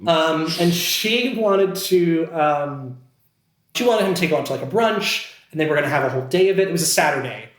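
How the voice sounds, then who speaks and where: A man from Pennsylvania tells a long story as a podcast guest. He talks in a fairly high voice, stumbles and restarts, and acts out what others said. The room around him sounds echoey. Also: fairly quick. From Scranton, Pennsylvania. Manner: animated, full of fillers and restarts, acting out quotes. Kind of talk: casual storytelling.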